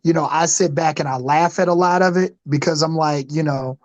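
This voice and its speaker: Podcast co-host, male, high-pitched, loose and rambling, muffled dry recording. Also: steady tone, a little fast, a little mellow, no echo. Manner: rambling, full of fillers like "you know what I'm saying". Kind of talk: casual chat.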